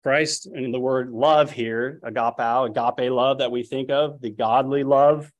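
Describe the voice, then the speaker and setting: A man's voice: mid-range voice, fairly even intonation, a little slow, dull audio. A man preaching a sermon, telling the story and acting out the lines he quotes. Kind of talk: expository sermon.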